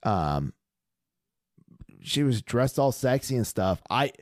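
A man's voice: mid-range voice, very animated, slow pace, dry recording, clean studio sound. A young adult man co-hosting a podcast, talking loosely and swearing a lot as he tells stories full of fillers. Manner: loose, profane, storytelling with lots of fillers. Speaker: podcast co-host. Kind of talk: casual chat.

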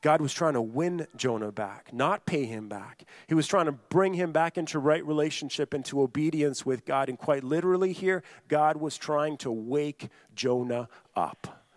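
A man's voice: on the high side, normal speed, no room sound. A man preaching a sermon, earnest and repetitive, often restating a point and speaking straight to the listeners. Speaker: pastor.

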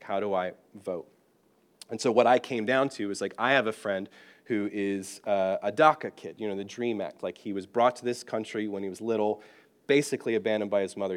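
Animated storytelling pastor, British-born man. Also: on the low side. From Britain. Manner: animated, self-deprecating, funny. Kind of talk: storytelling sermon.

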